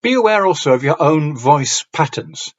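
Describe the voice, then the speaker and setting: A man from Yorkshire with a Yorkshire accent, giving a conference talk on reading aloud with clear diction and a slight storytelling lilt. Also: fairly high pitch, expressive, normal speed, lo-fi sound. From Yorkshire, northern England. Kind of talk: lecture with read-aloud examples.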